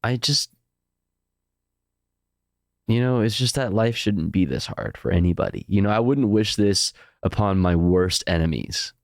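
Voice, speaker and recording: A man with a fairly low, gravelly voice hosts a livestream, greeting viewers by name one after another while casually chatting and joking. He's expressive and measured, pausing often. The recording is dry and studio-clean.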